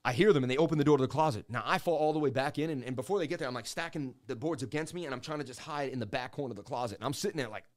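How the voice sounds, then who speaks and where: A man who hosts a market livestream, telling a wild personal story in an excited, repetitive way while speaking straight to viewers. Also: medium pitch, rapid-fire, few pauses. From Boston area, US. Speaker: crypto market streamer.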